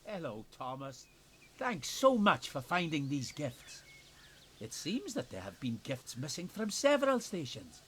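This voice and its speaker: A man voicing a cheerful station master in a children's train video game, with a bright sing-song delivery and an unclear regional accent. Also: a little high, huge pitch swings, unhurried, slight background noise, full character voice. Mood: friendly. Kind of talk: video game character dialogue.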